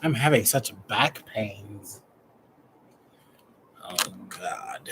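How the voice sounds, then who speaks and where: A man's voice: lowish voice, expressive, drawn-out words, noisy background. A man from Chicago giving casual, playful tarot readings to viewers. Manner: chatty, playful, talks to viewers. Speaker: tarot and numerology reader.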